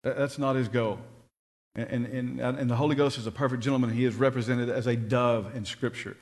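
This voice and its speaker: A man preaching a sermon, telling stories and rising to excited shouts when he quotes people. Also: mid-range voice, fairly quick. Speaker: pastor.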